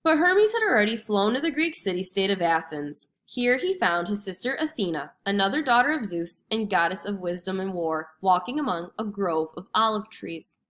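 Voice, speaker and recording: A woman reading a storybook lesson aloud to children with expressive, clear storytelling. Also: medium pitch, moderate pace, hardly any pauses. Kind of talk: storybook read-aloud narration.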